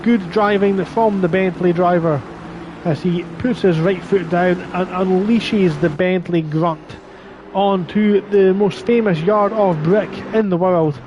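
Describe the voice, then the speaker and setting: High-voiced man calling a sim race. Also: muffled recording, noisy background. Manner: chatty, reads stream chat aloud between race calls. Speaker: sim racing commentator. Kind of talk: live race commentary.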